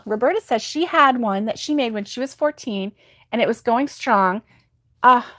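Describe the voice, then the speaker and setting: A woman's voice: mid-range voice, a bit bright, dry recording, clean studio sound. A middle-aged woman hosting a crochet livestream, chatting casually and sympathetically with viewers and laughing often. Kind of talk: casual live chat reading viewer comments.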